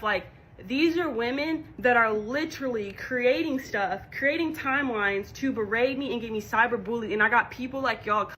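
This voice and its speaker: Bright-voiced woman retelling a confrontation. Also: a little high, normal speed, hardly any pauses, a little hiss or hum, poor audio. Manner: animated, acts out quoted dialogue. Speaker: storyteller recounting a confrontation. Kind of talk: casual storytelling clip.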